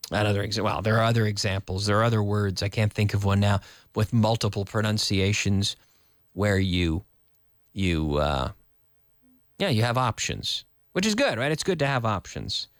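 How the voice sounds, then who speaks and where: A man's voice: on the low side, dry recording, clean studio sound. A man teaching a live online English lesson, explaining with repeated example sentences, glossing words in Spanish and answering viewer comments.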